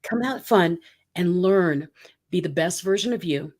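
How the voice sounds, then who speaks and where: A woman's voice: lowish voice, lively intonation, a little slow, a little mellow. A woman co-hosting a podcast in casual chat, upbeat and chatty as she promotes events and signs off. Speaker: podcast co-host.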